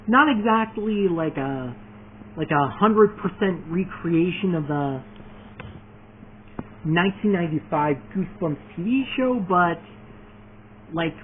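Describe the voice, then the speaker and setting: A man talking casually in a vlog, rambling through his plans with lots of fillers and restarts, eagerly adding one more point after another. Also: high voice. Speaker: video creator announcing his fan series. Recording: tinny phone-like sound, faint noise.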